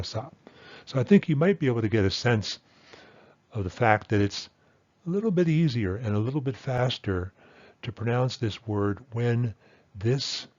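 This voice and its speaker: A man teaching pronunciation over slides, explaining patiently and methodically and modelling sounds slowly. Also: lowish voice, a little mellow, dry recording, highs cut off. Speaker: language teacher.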